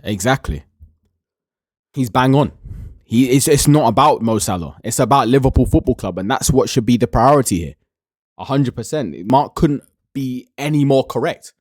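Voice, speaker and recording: A man's voice: mid-range voice, animated, normal speed, darkish tone, no room sound, clean studio sound. A man hosting a podcast, giving casual, emphatic reaction commentary and often restarting his sentences. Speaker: podcast host reacting to a clip.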